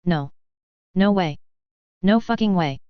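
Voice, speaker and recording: A panicked young woman who swears under her breath, voiced by a woman reading aloud. Her voice sits fairly low, very clear and dry. The recording sounds a little dull. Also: expressive, takes it slowly, no echo. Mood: flustered. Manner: swearing, flustered. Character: panicked young woman stuck in a child's body.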